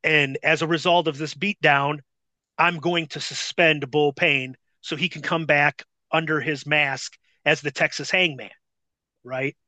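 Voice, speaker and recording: A man recounts a wrestling story in a casual, profanity-laced, animated way. His voice sits high with a bright, forward tone. The recording is dry and close. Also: no room sound. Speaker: podcast guest, former wrestler. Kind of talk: casual anecdote telling.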